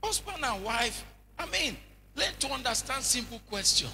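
A man preaching a sermon in an animated, humorous way, full of rhetorical questions and anecdotes. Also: very high-pitched, moderate pace, vocal fry, slight background noise. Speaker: bishop, preacher.

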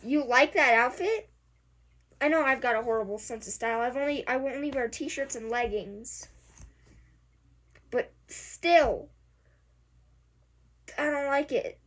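A young woman giving casual, sarcastic commentary on a clip, hyper and excitable, slipping into mocking impressions. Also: high voice, measured pace, pauses often. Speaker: reaction video creator.

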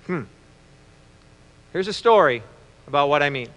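A man preaching a Father's Day sermon, telling stories with reflective pauses. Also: fairly high pitch, expressive, a bit bright. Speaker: pastor. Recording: long reverb in a large hall.

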